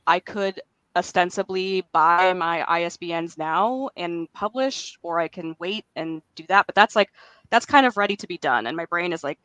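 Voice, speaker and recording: A woman's voice: lowish voice, normal speed, fairly bright tone, clear, resonant tone, dry recording, rough recording. Californian woman talking through a cold. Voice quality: chatty, lightly self-mocking. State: has a cold. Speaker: writing group co-host. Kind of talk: casual chat. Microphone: video call.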